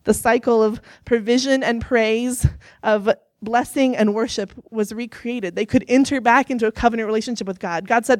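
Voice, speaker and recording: Young woman preacher, earnest storyteller, slightly high voice, dry close recording. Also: steady tone, normal speed, dry recording. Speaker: youth speaker. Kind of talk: sermon.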